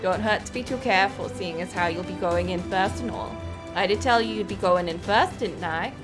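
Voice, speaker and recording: A woman's voice: mid-range voice, a little fast, music in the background, lightly acted. A woman playing a roguish pirate captain. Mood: coaxing. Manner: folksy pirate slang, coaxing.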